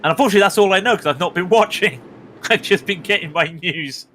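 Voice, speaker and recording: A man from Britain calling a sim race live, chatty and excitable, his voice rising on the big moments. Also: high-pitched, quick pace, a little hiss or hum. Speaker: sim racing commentator. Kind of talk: live esports race commentary.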